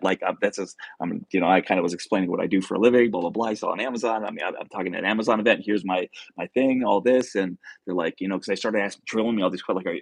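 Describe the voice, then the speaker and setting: Low, gravelly man rambling through a story. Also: racing, hardly any pauses, dry recording. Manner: rambling, filler-heavy storytelling with many restarts; reads viewer comments aloud. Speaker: livestream host. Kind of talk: casual livestream storytelling.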